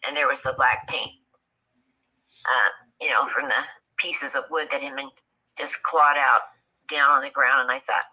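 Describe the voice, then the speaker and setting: A woman with a husky voice, recounting a personal story in a hushed way that often drops to a whisper. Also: extremely low pitch, fairly even intonation, unhurried, low-quality recording. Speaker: guest telling an encounter.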